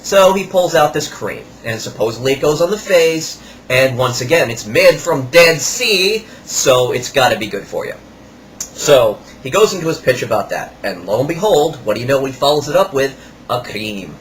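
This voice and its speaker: A man's voice: mid-range voice, big pitch swings, normal speed, slight background noise. A man hosting a podcast, telling a story in a wry, sarcastic way. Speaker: podcast host. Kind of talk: storytelling monologue.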